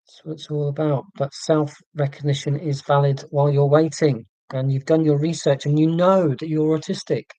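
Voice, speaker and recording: A man rambles through a casual live stream, self-deprecating and often restarting his sentences. His voice is warm and mellow, recorded dry and close on a laptop mic at home. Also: on the high side, flat delivery, moderate pace, dry recording. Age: 40s. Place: indoors at home. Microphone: laptop microphone.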